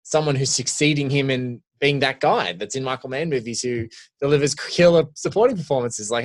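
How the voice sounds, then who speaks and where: A man's voice: mid-range voice, fairly quick, few pauses. A young adult man co-hosting a podcast, rambling through casual film chat with many restarts. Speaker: podcast co-host.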